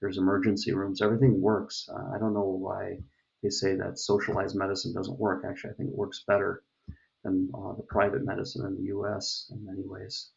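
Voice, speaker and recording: A man's voice: low-pitched, completely flat delivery, a little fast, gravelly, darkish tone. A middle-aged man from the United States giving a casual opinion monologue, rambling with many fillers and restarts. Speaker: vlogger. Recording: dull lo-fi recording.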